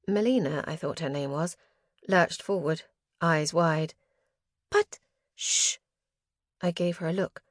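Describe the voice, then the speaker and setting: A woman reading a first-person fantasy novel aloud, expressive and dramatic, with tense rises at moments of action. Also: lowish voice, no echo, clean studio sound. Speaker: audiobook narrator.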